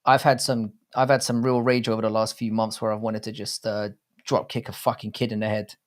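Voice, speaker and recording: With a lowish, level voice and a fairly quick pace, a man in his thirties hosts a watchalong livestream. He talks to chat bluntly and profanely, in a rambling style.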